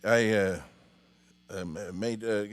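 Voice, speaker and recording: A man's voice: lowish voice, fairly even intonation, takes it slowly, smooth. A middle-aged man with a Norwegian accent, rambling through a live-stream chat with many fillers and restarts. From Norway. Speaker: musician hosting a live stream. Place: home studio.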